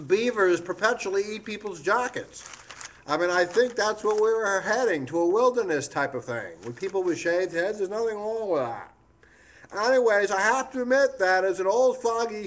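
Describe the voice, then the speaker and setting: A man's voice: high-pitched, fairly bright tone, a little hiss or hum. A man playing a scatterbrained, boastful old newspaperman in a comic monologue, rambling off topic and stumbling over his words. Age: older. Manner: rambling, digressive, loses his place and stammers. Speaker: comedian doing a tribute impression.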